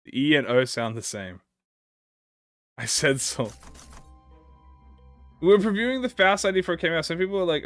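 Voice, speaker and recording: A man's voice: fairly high pitch, expressive, normal speed, long pauses, a bit bright, no echo, clean studio sound, faint music behind. A man with an Australian accent, chatting casually on a livestream, rambling and swearing while reacting to chat. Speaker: streamer.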